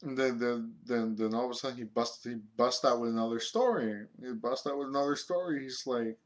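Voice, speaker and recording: A man's voice: mid-range voice, fairly quick. A young man telling a story from his own life in a rambling, casual way, full of filler words and swearing.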